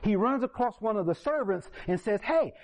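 A man preaching a sermon, telling a story and acting out its characters in a raised voice. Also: fairly quick. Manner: animated, acts out characters in higher voice. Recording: dull lo-fi sound.

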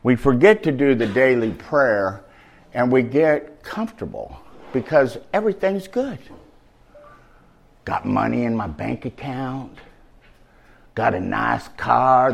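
A man preaching a sermon, reading scripture and adding loud, animated, conversational asides, shouting at the peaks. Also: medium pitch, vocal fry.

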